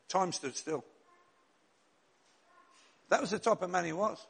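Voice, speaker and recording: A middle-aged male pastor delivers a sermon in a voice that sits high for a man, gravelly and husky with a slightly bright edge. He tells stories from the pulpit, slowing down and rising to draw out key words for emphasis.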